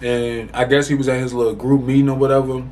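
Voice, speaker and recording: A young man from the Chicago area telling a casual storytime to the camera, animated and profane, rambling with many restarts. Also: mid-range voice, fast. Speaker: storytime vlogger.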